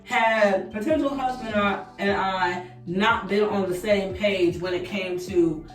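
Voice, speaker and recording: A woman's voice: medium pitch, takes it slowly. A young woman, chatting animatedly with viewers while she does her makeup in a storytime vlog. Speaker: beauty vlogger. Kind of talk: casual storytime chat while doing makeup. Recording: echoey room, voice a bit distant. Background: faint background music.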